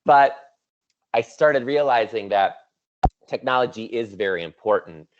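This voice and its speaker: A man's voice: medium pitch, animated, measured pace, muffled recording. A man in his thirties giving a playful, chatty keynote to teachers over a video call, full of teasing asides. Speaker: keynote speaker. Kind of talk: virtual conference keynote.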